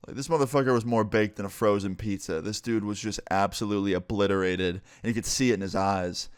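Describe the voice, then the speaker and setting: Young guy telling a story time vlog, low voice, casual and sweary, dry close sound. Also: fairly even intonation, fast, clean tone, dry recording. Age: young adult.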